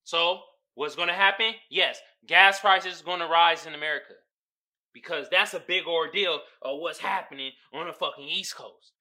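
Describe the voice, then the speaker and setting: A young man hosting a podcast, giving casual, profane, animated commentary straight to his listeners. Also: on the high side, moderate pace. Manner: animated, loud, swearing, talking straight to listeners. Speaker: podcast host.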